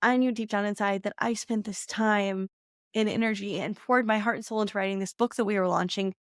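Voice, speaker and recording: A woman's voice: mid-range voice, fairly even intonation, a little fast, no room sound, clean studio sound. A woman, hosting a podcast and candidly telling a personal story, laughing often as she talks. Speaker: podcast host.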